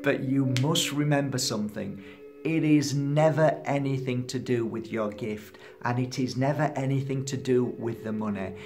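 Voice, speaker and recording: A man gives an impassioned motivational talk, preaching with firm emphasis at a mid pitch. His voice sits neither high nor low. Music plays clearly behind him. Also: moderate pace, a little mellow. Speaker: spiritual healer and teacher.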